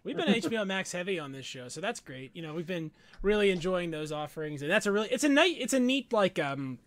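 Casting: high-voiced male podcast host, lively, dry close mic. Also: dry recording. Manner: animated, acts out lines in goofy voices. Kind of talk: casual chat.

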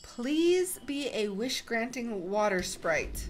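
A woman gaming YouTuber giving excitable let's play commentary, thinking aloud and gasping at surprises. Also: mid-range voice, slow pace, a little hiss or hum.

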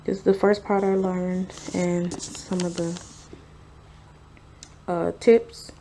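Reading study notes aloud for her home vlog, a young woman speaks slowly in a lowish, warm voice that barely moves in pitch, with slight noise behind her. She sounds unsure and hedging, chatty with fillers, as her sister snores nearby.

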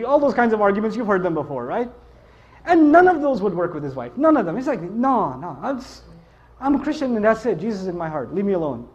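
A man giving a lively, joking lecture to a live audience, telling stories and laughing often. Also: very high voice, dull audio. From Pakistan. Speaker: Islamic speaker.

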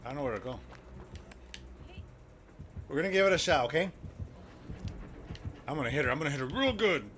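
A man's voice: fairly high pitch, animated, a little fast, fairly bright tone, a little hiss or hum. A man streaming a video game, chatting loosely with his viewers and reacting to the game as he plays. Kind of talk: casual live-stream chat while gaming.

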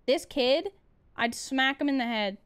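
A young woman streaming a game, chatting casually, laughing often and yelling at the game. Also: high-pitched, a little slow, smooth. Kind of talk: casual gameplay commentary.

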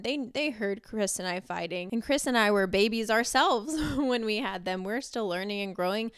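A woman's voice: medium pitch, clear, resonant tone, no room sound, studio quality. A young woman hosting a podcast, talking earnestly and heartfelt about faith and parenting, with small laughs. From Costa Rica. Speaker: podcast host. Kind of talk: personal faith talk.

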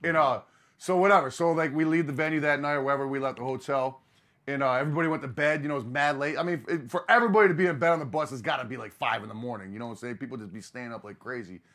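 A man on a podcast, telling a road story in casual, profane chat, animated and full of slang. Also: medium pitch, racing. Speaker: podcast host.

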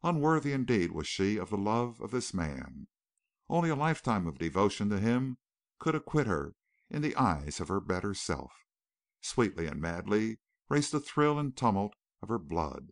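Expressive low-voiced male audiobook narrator. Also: moderate pace, no room sound, studio quality. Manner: dramatic, expressive novel reading. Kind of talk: scripted narration.

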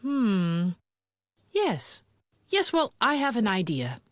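A woman voicing a wise, kind old male owl in a children's storybook, pondering aloud with drawn-out hums. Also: medium pitch, wildly swooping pitch, no echo, clean studio sound, pitched above the performer's own voice.

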